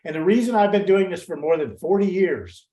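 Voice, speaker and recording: A man's voice: high voice, animated, brisk, mellow. Earnest older man presenting, echoey room. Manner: earnest, heartfelt, with many restarts. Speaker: guest presenter, nature interpreter. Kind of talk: presentation to educators.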